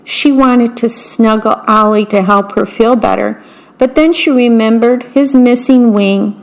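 A woman reading a picture book aloud, slowly and carefully, pausing to describe the pictures. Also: on the high side. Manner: slow, careful, describes the pictures between passages. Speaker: storyteller.

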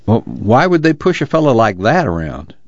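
A man's voice: huge pitch swings, moderate pace, dry recording. A man voicing a tough, sardonic young man with clipped rural speech. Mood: curious. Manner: low, clipped rural dialect. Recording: dull lo-fi recording.

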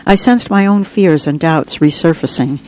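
An author reading aloud from their own memoir in an earnest, steady storytelling manner. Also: mid-range voice, normal speed, slight background noise, rough recording.

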